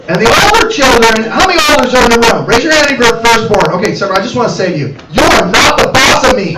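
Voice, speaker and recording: A middle-aged man performing animated stand-up comedy at a cafe comedy night, talking to the audience. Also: high-pitched, fast talker, hardly any pauses. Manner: animated, acts out voices, addresses the audience. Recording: roomy, distant mic, loud background noise.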